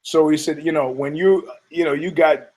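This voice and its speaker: A middle-aged man hosts a podcast with a slightly higher-pitched voice. He rambles and rants sarcastically, peppering his talk with profanity. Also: fairly even intonation, normal speed, darkish tone, rough recording. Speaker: podcast host. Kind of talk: casual rant.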